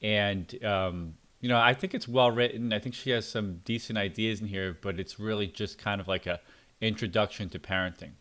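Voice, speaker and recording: A man's voice: lowish voice, fairly even intonation, moderate pace, a bit bright. A middle-aged man giving a casual, blunt and opinionated spoken book review, with fillers and asides. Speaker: book reviewer and parenting channel host.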